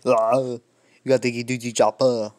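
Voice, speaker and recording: A man doing a gruff action-hero strongman impression. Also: medium pitch, level tone, unhurried, a little mellow, close to an everyday voice. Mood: boastful.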